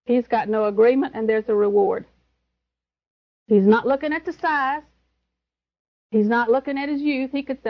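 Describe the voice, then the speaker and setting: A woman preaching a sermon in a high voice, driving her points home with emphasis and the odd chuckle. She repeats her key words to make them stick. The recording is dull and lo-fi. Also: steady tone, moderate pace, long pauses.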